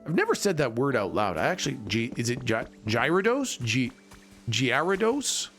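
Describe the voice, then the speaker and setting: A man's voice: medium pitch, huge pitch swings, brisk, a bit bright, soft background music. A man livestreaming a video game, chatting casually, joking and reading viewer messages aloud. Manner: jokey, reads chat aloud, laughs often. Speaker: streamer. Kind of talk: casual livestream chat while gaming.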